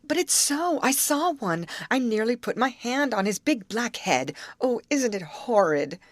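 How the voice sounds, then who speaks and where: Brief: narrator putting on an excitable, panicky young girl; high, loud, storybook reading. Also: measured pace, no echo. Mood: insistent. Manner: shrill and panicky. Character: nervous excitable teenage girl.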